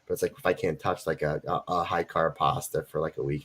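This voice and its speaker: A man's voice: very deep voice, little pitch movement, a little fast, fairly bright tone, breathy edge. A man in his forties, a guest in a casual interview, talking emphatically and repeating his points to drive them home. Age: 40s. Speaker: guest wrestler.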